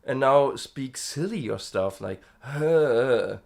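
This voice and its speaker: A man's voice: medium pitch, lively intonation, takes it slowly, darkish tone. A man hosting a casual vocal-practice diary, chatty and self-amused, thinking aloud with fillers. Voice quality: gravelly fry in the voice. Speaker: host.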